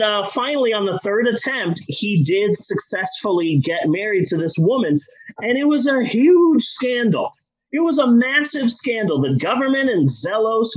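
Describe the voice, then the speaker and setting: Husky guy retelling history for laughs, swears a lot, high voice, lo-fi. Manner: casual, profane, animated. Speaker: comedy storyteller.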